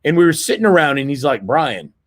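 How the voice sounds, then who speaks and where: A middle-aged man presents a motivational sales seminar in a voice pitched somewhat high for a man. His delivery is persuasive, and he keeps tagging his points with "right?". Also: lively intonation, very fast. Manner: persuasive, keeps adding "right?" tag questions.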